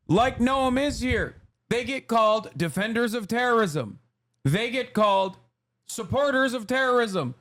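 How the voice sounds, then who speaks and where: A man's voice: very high voice, a bit bright. A man streaming a reaction video, talking in a heated, emphatic, profane way. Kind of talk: casual reaction commentary.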